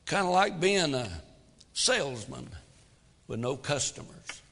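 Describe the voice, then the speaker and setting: A man preaches slowly and deliberately, his bright, forceful voice rising and falling dramatically. He moves between loud emphasis and hushed asides. The sound rings out in a hall with long reverb. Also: a little high, very animated, gravelly, breathy edge. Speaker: pastor. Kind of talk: sermon.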